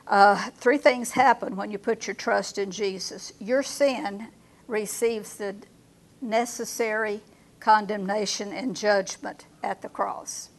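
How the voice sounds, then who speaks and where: Woman teaching a bible class, bit of fry in the voice, asks the group stuff. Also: mid-range voice. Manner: asks the group questions, reads verses slowly with emphasis. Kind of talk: Bible study lesson.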